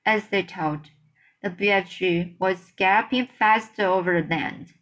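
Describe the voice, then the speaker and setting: A woman reading a children's book aloud as narrator, unhurried and often restarting words. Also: medium pitch, fairly bright tone.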